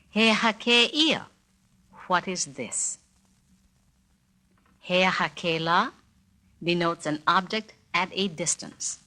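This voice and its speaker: A woman leads a spoken-word language lesson, saying every phrase slowly and repeating it so the listener can follow. Her voice sits a little low but sounds bright and clear. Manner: slow, careful, repeats each phrase for the listener. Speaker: language teacher narrating a record.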